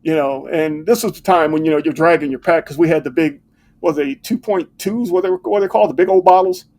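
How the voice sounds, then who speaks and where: A man's voice: a little high, fast. An older man, a retired fire captain, telling stories in a casual interview and acting out the lines of old colleagues. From United States. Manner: animated storyteller who acts out quoted dialogue.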